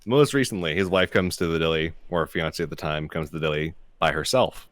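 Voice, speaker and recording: A young man with a very low, deep voice tells crude, profanity-laced stories about his work in a casual podcast chat. He laughs often between lines, and the sound is dry and close to the mic. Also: fairly quick, a bit bright, dry recording. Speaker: podcast co-host.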